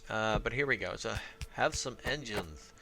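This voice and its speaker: Animated, rambling man narrating gameplay. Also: fairly low pitch, moderate pace, vocal fry. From Arizona. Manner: rambling, thinking aloud with many fillers. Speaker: gameplay commentator. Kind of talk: casual let's-play commentary.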